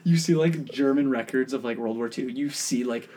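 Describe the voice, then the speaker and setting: A man's voice: mid-range voice, moderate pace, warm tone. A man in casual conversation, joking and rambling with frequent laughter. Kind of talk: casual podcast chat.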